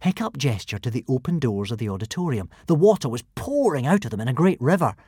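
Expressive man reading a storybook. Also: medium pitch, quick pace, husky, dry recording, studio quality. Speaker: audiobook narrator. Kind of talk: scripted storybook narration.

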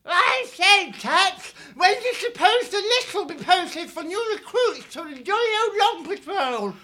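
A man voicing eager young male hares, talking in a jolly, excited way. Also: high-pitched, normal speed, a little hiss or hum, pitched above the performer's own voice.

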